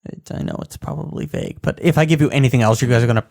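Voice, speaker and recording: On a laid-back podcast about video games, this co-host speaks in rapid-fire bursts with a mid-range voice that's creaky and a little mellow. He recounts comical game moments with animation, laughing as he goes.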